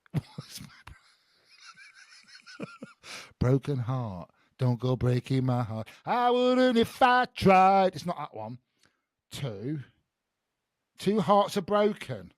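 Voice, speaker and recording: Guy host playing charades, laughing a lot, bouncy up and down voice, slow careful words. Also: medium pitch, no echo, studio quality. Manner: animated, laughing, thinking aloud. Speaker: podcast host. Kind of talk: playing a guessing game with guests.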